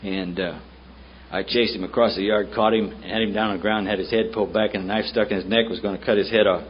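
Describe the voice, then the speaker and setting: Recorded on muffled, faintly hissing old tape, a man from the United States with a Southern accent tells his story at a recovery meeting. He talks fast in a lowish, steady voice and speaks bluntly, with profanity.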